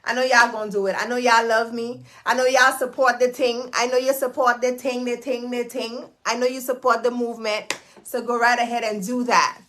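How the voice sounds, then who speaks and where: Bright, pleading woman host. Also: a little high, flat delivery, fairly quick. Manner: pleading, playful, repeats words. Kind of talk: casual livestream chat.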